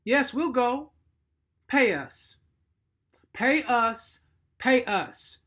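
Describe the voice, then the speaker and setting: A man voicing a big, belligerent woman servant in a storybook reading, booming and defiant. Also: lively intonation, extremely slow, fairly bright tone, exaggerated voice.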